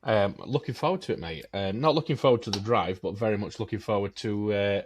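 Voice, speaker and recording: A man's voice: on the low side, a little fast, slight background noise. A man co-hosting a podcast, chatting casually, swearing freely and telling stories. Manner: swears freely, tells stories with acted-out quotes. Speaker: podcast co-host. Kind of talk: casual chat.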